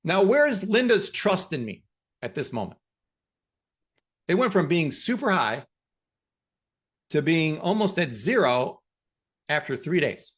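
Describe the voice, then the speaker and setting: A man hosting a podcast who gives a motivational talk and tells stories in an emphatic, animated way. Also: fairly high pitch, slow, long pauses, slightly rough. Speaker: podcast host.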